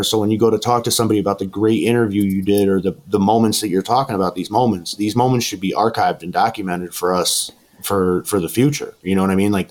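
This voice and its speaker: Podcast host guy just talking, rambly and casual, lots of "like" and restarts, gets animated doing other people's lines. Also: fairly low pitch. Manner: rambling, many restarts and fillers; animated when quoting others. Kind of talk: casual storytelling chat.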